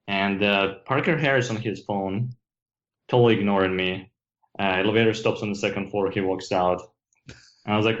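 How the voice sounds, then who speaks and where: A man with a Russian accent, a guest on a podcast, talking casually with halting restarts and dry humor. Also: lowish voice, dull audio. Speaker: product manager guest.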